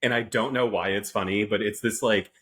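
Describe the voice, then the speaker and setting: A man with a somewhat low voice chats casually on a podcast. He wanders from one tattoo-shop anecdote to the next, laughing as he goes. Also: fairly even intonation, fairly quick, fairly bright tone. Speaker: podcast co-host, tattoo artist.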